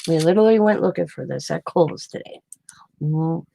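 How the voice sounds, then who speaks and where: A woman's voice: deep voice, moderate pace, creaky, mellow, slight background noise. A middle-aged woman chatting at home, telling stories and acting out what people said, laughing often. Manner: chatty storytelling, acting out quoted lines; laughs often mid-sentence. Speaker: craft vlogger. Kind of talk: casual chat.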